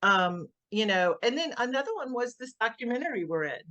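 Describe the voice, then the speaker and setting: A middle-aged woman, a grieving mother, giving an emotional personal account in an interview, often halting and repeating words as she restarts. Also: a little high, very animated, a bit bright, no room sound, dull audio.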